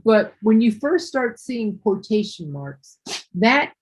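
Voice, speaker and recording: A woman's voice: fairly high pitch, sing-song, slightly rough, poor audio. A woman teaching English one-on-one, explaining patiently and going back over her words. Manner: patient, explains slowly with repeats and restarts. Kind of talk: one-on-one online ESL lesson.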